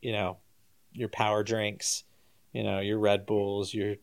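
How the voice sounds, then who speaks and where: With a level tone and vocal fry, a man unhurriedly tells a casual story as a guest. Quoted lines bring a jump in pitch and volume, he laughs throughout, and his voice turns soft and low near the close.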